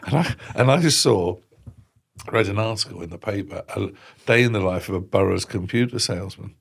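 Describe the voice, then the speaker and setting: A man's voice: on the low side, fairly quick, vocal fry, breathy edge. A man in his sixties hosting a podcast, chatting casually in a rambling, jovial way with frequent restarts. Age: 60s. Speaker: podcast host. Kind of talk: casual interview conversation.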